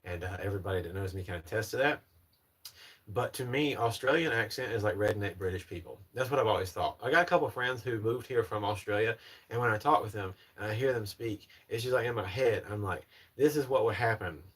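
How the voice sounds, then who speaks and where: A man's voice: lowish voice, brisk, a bit bright, breathy edge. Man, young adult, Southern American accent, presenter voice, casual livestream chat, reading out comments. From North Carolina, USA. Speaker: livestream host.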